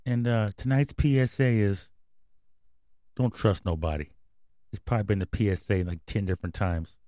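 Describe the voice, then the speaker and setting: A man's voice: fairly low pitch, normal speed, warm tone, dry recording, studio quality. A man hosting his own radio show, riffing on news items in blunt, profane, rambling rants. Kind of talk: casual commentary and news reading.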